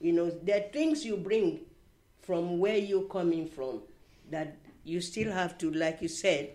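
A woman's voice: fairly low pitch, unhurried. Older lady with an accent, chatty storyteller, lots of you knows. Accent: foreign-accented English. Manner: warm storytelling, many "you know" fillers and restarts. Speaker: interviewee. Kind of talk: casual reminiscing chat.

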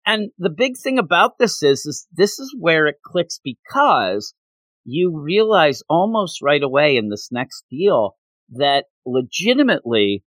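Animated man with a lively, bright voice. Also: a little slow, no room sound. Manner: animated, jumps into high voices quoting characters. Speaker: podcast co-host. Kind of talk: casual chat recapping a manga.

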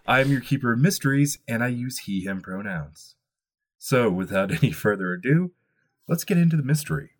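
Brief: deep-voiced game master, husky tone, slow hushed horror narration. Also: male voice. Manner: slow, hushed storytelling that drops to a murmur. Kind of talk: scripted horror narration and table chat.

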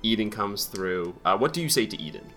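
Deep-voiced man running a tabletop game. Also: brisk, soft background music. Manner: relaxed, rambling narration with frequent fillers. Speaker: game master.

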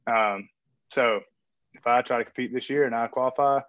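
This guest, a coach calling in from his gym, chats loosely through an informal interview, wandering off topic, joking around, and using lots of filler words. He speaks at an ordinary pace in a mid-range, slightly bright voice, and the remote-call sound is flat and dry without any echo.

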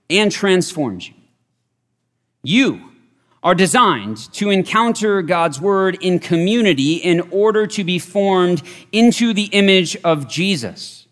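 A man's voice: high-pitched, a bit bright. A man preaching a sermon, earnest and emphatic, often repeating his key phrases. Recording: long reverb of a large hall.

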